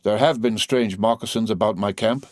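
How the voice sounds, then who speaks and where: A stern tribal chief and host, read aloud by a man for an audiobook, answering with slow, grave caution. The low voice is recorded dry and close. He weighs each reply before giving it. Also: no room sound, natural voice. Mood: guarded. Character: guarded, stern male Delaware chief and host.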